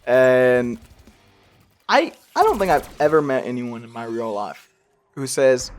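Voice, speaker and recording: A man's voice: medium pitch, very animated, unhurried, pauses often, faint music behind. Rambling young man with a slight accent. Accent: slight regional accent he tries to hide. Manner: rambling, self-deprecating, laughs often. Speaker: gaming youtuber. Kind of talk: casual gameplay commentary.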